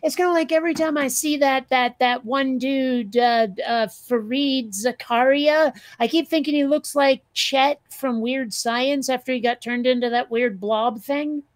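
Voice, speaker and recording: A woman's voice: high-pitched, unhurried, few pauses, dry recording. Rambling, crude-joking woman with a Valley Girl drawl. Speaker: podcast co-host. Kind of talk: casual chat.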